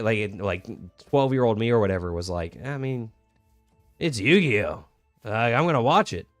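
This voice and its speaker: A young man with a lowish voice chats loosely while he plays, rambling with lots of fillers and restarts. The sound is dry and close, with faint music underneath. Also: no room sound. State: hiccuping. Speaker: streamer. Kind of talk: casual gaming stream chat.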